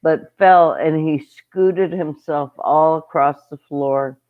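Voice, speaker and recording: Woman, homestead host, casual livestream chat, rambling, slow-paced, muffled lo-fi audio. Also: low voice. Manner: chatty, rambling, greets viewers mid-story.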